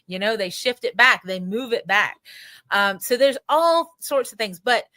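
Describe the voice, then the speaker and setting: A woman's voice: fairly high pitch, unhurried, no echo. A woman with an Appalachian accent, a psychic medium guest chatting casually in an interview and acting out the voices of people she quotes. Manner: animated storyteller, acts out quoted voices.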